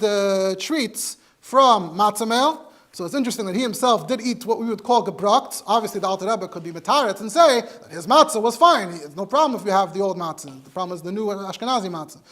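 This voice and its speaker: A man's voice: sits high, fairly bright tone. A man, a rabbi, teaching a halacha class in English. He explains sources step by step and mixes in Hebrew and Yiddish terms. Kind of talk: Torah lecture.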